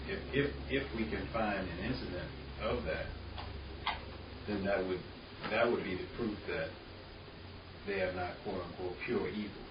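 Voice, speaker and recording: A man's voice: low voice, normal speed, pauses often, lo-fi sound. A man in the audience putting a careful, stammering question to the speaker. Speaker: audience member. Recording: distant voice in an echoey room with noise.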